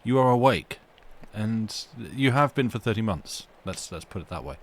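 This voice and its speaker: A man's voice: fairly low pitch, expressive, normal speed. A man hosting a live stream, chatting casually with his viewers in a rambling, self-interrupting way, at home. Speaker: livestream host reading stories aloud.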